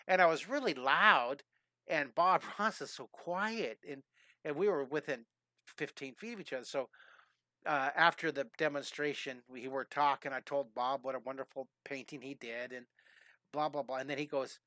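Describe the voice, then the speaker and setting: A man in his fifties, an energetic and chatty drawing teacher who tells rambling stories during a live-streamed lesson. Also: a little high, moderate pace, no echo. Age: 50s.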